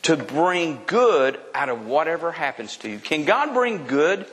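A man's voice: a little high, big pitch swings, a little slow, fairly bright tone, big-room sound. A man preaching a sermon as pastor. He asks the congregation direct questions and builds up his emphasis.

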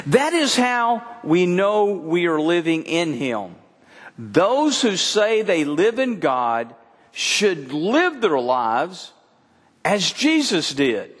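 A middle-aged man preaches with a husky, fairly high voice that swings widely up and down. He talks earnestly and repeats words to drive his points home. A long reverb from the church hall trails each phrase. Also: a bit bright. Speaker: pastor. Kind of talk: sermon. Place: church service.

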